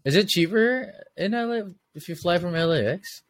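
A man's voice: high-pitched, expressive, normal speed, dry recording. Laughing, curious man in casual chat. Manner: laughing, eager, asks lots of questions. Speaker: podcast co-host.

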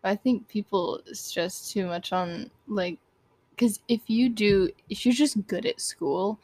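A woman's voice: medium pitch, slow pace, darkish tone, dry recording. A young woman in easygoing podcast chat with a mid-range voice. She agrees readily and talks in loose, filler-heavy phrases. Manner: agreeable, lots of "exactly" and "like". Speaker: podcast co-host. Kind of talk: casual chat.

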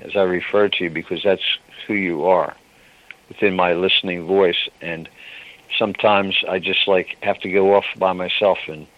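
A man hosting a devotional radio ministry, speaking in a slow, tender, pleading way. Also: sits low. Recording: dull lo-fi radio broadcast.

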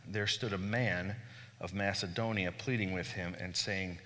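A middle-aged man preaches a casual, storytelling sermon, poking fun at himself as he goes. His voice sits a little low yet rings bright and forceful. A long reverb trails each phrase, as if he is speaking in a large hall. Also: steady tone, unhurried. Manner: candid, self-deprecating storytelling with chuckles. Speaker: bishop preaching. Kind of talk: conversational sermon.

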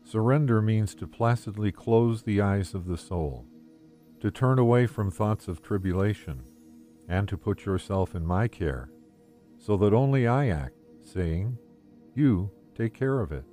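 A man reading a devotional text aloud in the first person, in a calm, gentle and measured way. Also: lowish voice, soft background music. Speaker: devotional reader.

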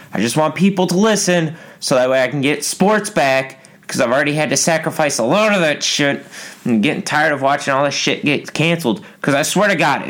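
A man's voice: mid-range voice, fairly bright tone. A man hosting a podcast, ranting casually in a rambling, exasperated and profane way. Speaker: podcast host.

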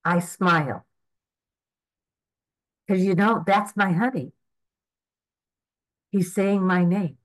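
In a low-quality recording, an eighty-year-old woman with a lowish voice gives earnest, rambling personal testimony at a recovery meeting. She takes it slowly and pauses often, with frequent restarts and fillers.

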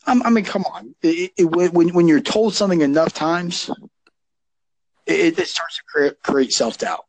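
A man's voice: a little high, moderate pace, dry recording, low-quality recording. Emphatic man coaching talk, dry sound. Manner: emphatic, repeats words when excited. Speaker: youth football coach, podcast co-host. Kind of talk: casual podcast chat.

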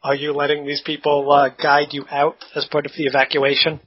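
A man's voice: a little high, completely flat delivery, fairly quick, a little hiss or hum. A man narrating a tabletop game as game master, describing scenes in a laid-back, matter-of-fact way. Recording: dull lo-fi sound.

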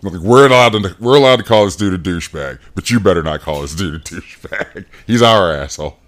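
A man's voice: low voice, animated, a little fast, fairly bright tone. A man hosting a podcast, chatting casually with an old friend, swearing freely and acting out quoted lines with lots of laughter. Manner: profane, laughing, acts out quotes. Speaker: podcast host. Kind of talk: casual chat.

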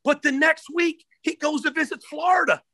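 A man's voice: extremely high pitch, normal speed, dry recording. A middle-aged man, a former college football coach, telling stories as a podcast guest and acting out the people he quotes. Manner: animated storyteller who acts out the people he quotes. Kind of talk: casual storytelling in a podcast interview.

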